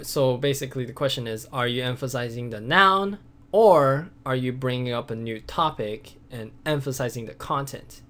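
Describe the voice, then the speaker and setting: A man's voice: mid-range voice, fairly bright tone. A man teaching a casual video lesson, explaining patiently with many fillers, restarts and repetitions. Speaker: language teacher.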